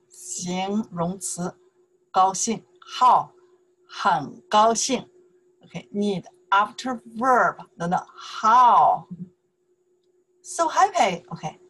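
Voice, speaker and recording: A woman's voice: medium pitch, a bit bright, breathy edge. A woman with a Mandarin Chinese accent teaching a language lesson in English, patiently repeating phrases and checking in with "okay?".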